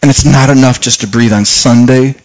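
A middle-aged man preaching a sermon, telling a personal story with lots of restarts, getting louder when reliving the danger and softer when he reflects. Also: mid-range voice, fairly even intonation, a little fast, poor audio. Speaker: pastor.

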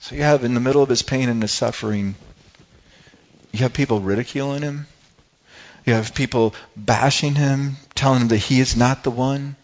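A man's voice: mid-range voice, fairly even intonation, normal speed, muffled recording. A man preaching a sermon as a pastor, earnest and emphatic.

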